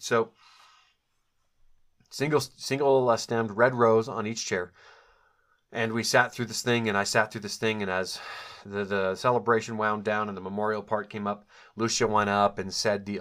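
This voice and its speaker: A man's voice: fairly low pitch, a bit bright. A middle-aged man telling a personal story from his past, reflective and candid, with frequent fillers and self-corrections. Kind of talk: personal storytelling, memoir recollection.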